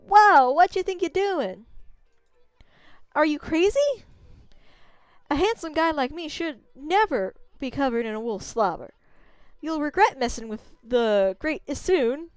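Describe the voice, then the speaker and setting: A woman's voice: sits high, unhurried, no echo, pitched above the performer's own voice. Issun, a woman voicing a tiny cocky male sprite. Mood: brash. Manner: brash, bragging, excitable. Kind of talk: game dialogue read aloud.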